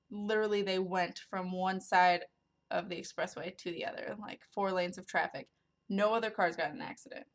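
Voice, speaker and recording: A woman vlogger telling a story to camera in a casual, rambling way, with lots of ums and likes. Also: mid-range voice. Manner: rambling, filler-heavy, many ums and likes.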